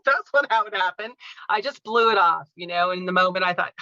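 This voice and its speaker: A woman telling a personal caregiving story in an interview, speaking earnestly and gently. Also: fairly low pitch, brisk, no room sound, dull audio. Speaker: podcast guest, caregiving author.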